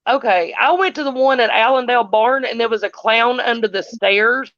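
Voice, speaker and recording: A woman's voice: on the high side, normal speed, fairly bright tone, dry recording, dull audio. A woman chatting casually, blunt and emphatic with salty language. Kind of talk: casual chat.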